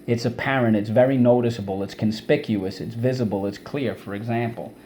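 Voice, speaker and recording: A male teacher giving an online vocabulary lesson to kids, energetic and repeating words and syllables for students to say back. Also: mid-range voice, brisk, slight background noise.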